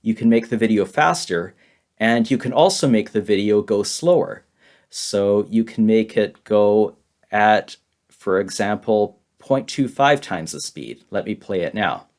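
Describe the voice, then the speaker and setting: A man with a fairly low voice runs a beginner English lesson over his screen. He repeats simple phrases patiently and laughs lightly now and then. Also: a little slow, a little mellow. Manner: simple words, heavy repetition, light laughs. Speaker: English teacher. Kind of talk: slow, repetitive beginner lesson.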